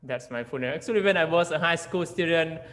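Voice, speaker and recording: A man's voice: a little high, quick pace, fairly bright tone, low-quality recording. A young man from Laos with a Lao accent, an English teacher talking casually and hesitantly, with many fillers and restarts. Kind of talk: casual interview chat.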